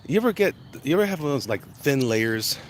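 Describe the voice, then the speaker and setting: A man's voice: medium pitch, very animated, quick pace. A man vlogging while walking outdoors, chatty and rambling, congested in the chest and walking on sore legs. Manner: rambling, chatty, easily sidetracked. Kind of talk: casual walk-and-talk monologue. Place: outdoors, walking along urban streets. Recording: loud traffic noise outdoors. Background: passing cars and street ambience.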